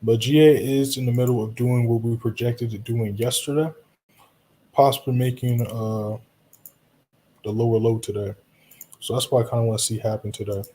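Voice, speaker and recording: Dark-voiced man streaming casually. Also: medium pitch, moderate pace, pauses often, slight background noise. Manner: relaxed, reassuring, talks straight to viewers with frequent "you know" and "right?". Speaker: live trading streamer. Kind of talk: casual live-stream commentary answering chat.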